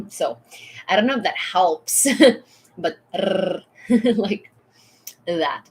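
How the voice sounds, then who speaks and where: A woman's voice: lowish voice, slight background noise. A young woman from Ukraine, chatting casually with viewers on a live stream, with many fillers and frequent laughter.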